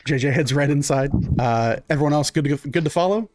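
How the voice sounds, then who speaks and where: A man's voice: fairly high pitch, a little fast, a little mellow, no echo, studio quality. A man narrating a tabletop game as game master, describing scenes in a rambling way with many fillers.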